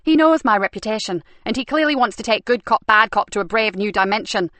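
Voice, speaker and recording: A woman's voice: mid-range voice, animated, a little fast, a bit bright, no echo, lightly acted. A woman doing a sardonic, defiant detective.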